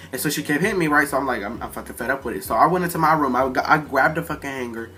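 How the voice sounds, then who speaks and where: Dude ranting a storytime, swears a ton, bright sharp voice, faint music in the back. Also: male voice, medium pitch, very fast, hardly any pauses. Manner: profane, rambling, animated retelling. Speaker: storyteller vlogger. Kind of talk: casual storytime monologue.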